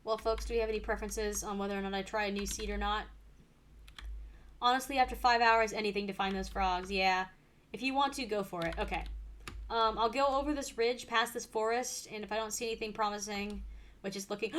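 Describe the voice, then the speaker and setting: A woman streaming a game with casual commentary, excitable and swearing freely, swinging from quiet muttering to loud exasperated outbursts. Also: mid-range voice, brisk.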